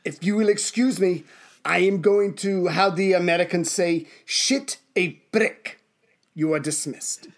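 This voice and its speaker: Man putting on a pompous dictator, explosive, mock German accent, raised pitch. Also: unhurried. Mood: exasperated.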